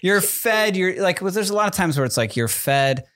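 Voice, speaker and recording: A man's voice: on the high side, expressive, fairly quick, a bit bright, no echo, studio quality. A young man in casual chat, rambling with many restarts and constant "like" and "you know what I mean". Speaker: podcast co-host and father of infant twins.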